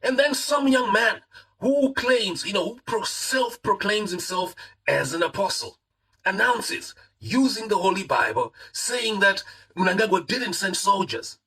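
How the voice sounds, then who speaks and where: A Zimbabwean man delivers heated live-stream commentary, hammering his points home and slipping into Shona phrases. His fairly high voice is husky and forceful, with a tense, pushing edge. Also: animated, a little slow, rough recording. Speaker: online political commentator.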